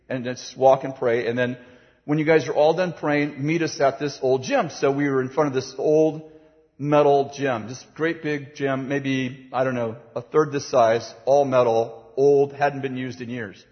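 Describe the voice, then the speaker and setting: A man's voice: medium pitch, moderate pace. A man preaching, telling a story with acted-out voices and bursts of laughter, speaking from a platform in a large hall. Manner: animated, acts out voices, laughs while telling. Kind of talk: sermon storytelling. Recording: dull, reverberant hall sound.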